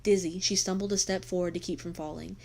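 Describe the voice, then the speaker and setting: Female teacher narrating a novel, steady, slightly low voice. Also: fast talker, vocal fry. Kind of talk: audiobook reading for students.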